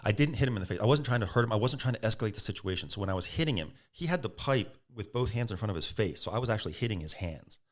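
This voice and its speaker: A man's voice: fairly low pitch, racing, few pauses. A man, a podcast guest, casually telling a story and acting out what people said. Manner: animated, acts out quoted speech.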